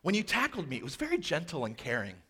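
Male pastor, sermon delivery, animated and joking, a fairly high voice. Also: fast talker, husky. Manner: animated, jokey asides, acts out quoted voices.

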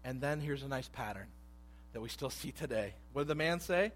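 A man in his thirties preaching a sermon, animated and conversational, dropping to hushed asides and rising to loud emphasis. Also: a little high, fairly quick. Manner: animated, acts out voices in quotes, swings between hushed asides and loud emphasis. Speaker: pastor.

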